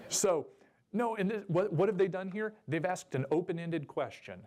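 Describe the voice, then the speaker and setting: A man's voice: high voice, lively intonation, moderate pace, darkish tone. A man giving a jokey, chatty seminar talk at a convention and asking the audience questions. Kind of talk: live presentation to a room.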